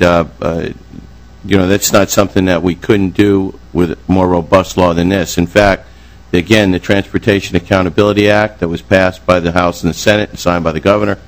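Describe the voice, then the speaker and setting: A man's voice: sits low, rough recording. An older man testifying before a legislative committee, formal but rambling, with heavy filler sounds.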